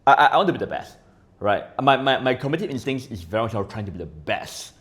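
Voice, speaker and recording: A man talking as a podcast guest in casual chat. He rambles, swears often and keeps asking "right?", swinging between loud and quiet. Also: medium pitch, sing-song, quick pace.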